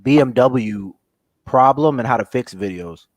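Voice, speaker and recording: A man's voice: medium pitch, animated, measured pace, dry recording. Chill guy using slang on a stream, dry audio. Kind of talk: casual livestream chat.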